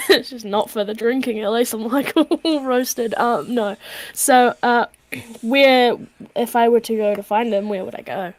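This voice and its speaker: A woman's voice: on the high side, measured pace. A woman playing a tabletop game, giggly and playful in casual banter. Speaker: player.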